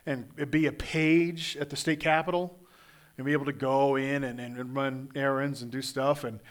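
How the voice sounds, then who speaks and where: A man from Kansas preaching a sermon in a conversational, animated way, often restarting and repeating words. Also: medium pitch, normal speed. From Kansas, USA. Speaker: pastor.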